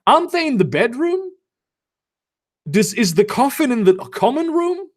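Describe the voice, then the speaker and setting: A man's voice: very high-pitched, unhurried. A young man reading a fanfiction aloud on a live stream, breaking off into sarcastic, profane commentary and chatting with viewers. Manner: sarcastic, swearing, animated asides. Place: home, lives in Germany.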